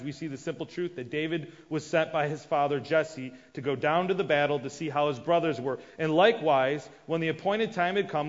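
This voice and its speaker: Male preacher, fairly high voice, dramatic swings from loud to hushed, muffled recording in a reverberant hall. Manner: acts out quoted characters with sudden loud and hushed voices. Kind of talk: sermon. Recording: dull sound with long reverb of a large hall.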